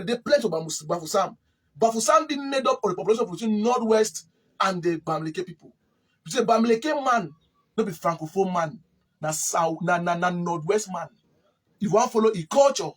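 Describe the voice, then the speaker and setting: A man's voice: sits high, fairly bright tone, breathy edge. A man from Cameroon with a Cameroonian Pidgin English accent, giving a rambling spoken account of history and repeating words as he searches for them. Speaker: interviewee.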